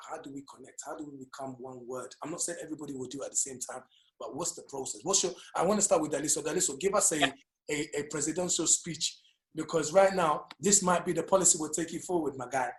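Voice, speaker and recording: A Congolese man with a British accent hosting a comedic chat, animated and laughing, often repeating words. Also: mid-range voice, reverberant. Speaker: host.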